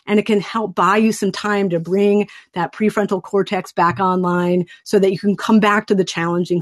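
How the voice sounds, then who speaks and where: Calm woman guiding a breathing exercise. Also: mid-range voice. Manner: calm, soothing and instructive. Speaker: trainer. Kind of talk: guided breathing exercise in a training webinar. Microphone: desk microphone.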